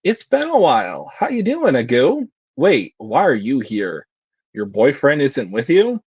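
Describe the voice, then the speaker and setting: A man voicing a bubbly, excitable young girl with a high, bouncy delivery while reading a manga aloud. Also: measured pace, breathy edge, no room sound, lo-fi sound, full character voice. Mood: excited.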